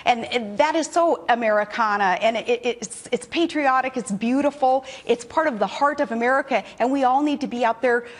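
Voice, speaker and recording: A woman's voice: fairly high pitch, fairly quick, few pauses. A woman in her forties giving a television news interview, talking in a folksy, earnest way with many restarts and fillers. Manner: folksy, earnest speech-making. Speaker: political guest on a cable news show.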